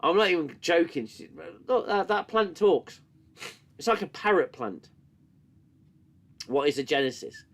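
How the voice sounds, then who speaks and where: A man's voice: fairly high pitch, very animated, unhurried, pauses often, a bit bright. Coughing sarcastic man reviewing. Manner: sarcastic, swears, reads chat and mocks scenes. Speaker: host reviewing a TV show. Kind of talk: casual live-stream commentary.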